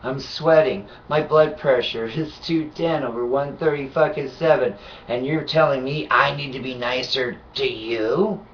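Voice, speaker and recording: A sick, nauseated man in an angry, profane vlog rant, swinging from low muttering to shouting. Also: unhurried, recorded from a distance, highs cut off, slight background noise. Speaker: vlogger.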